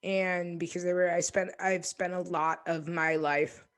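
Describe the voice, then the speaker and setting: A woman in her twenties, an interview guest, talking reflectively and hesitantly with many pauses and restarts. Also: lowish voice, level tone. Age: 20s. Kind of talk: reflective casual conversation.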